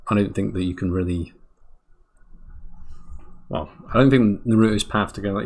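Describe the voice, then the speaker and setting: A man's voice: on the low side, moderate pace, pauses often, darkish tone, slightly rough. A man streaming while he draws, chatting in a rambling, dry way and often cutting himself off. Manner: rambling, self-interrupting, dry. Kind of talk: casual chat while drawing.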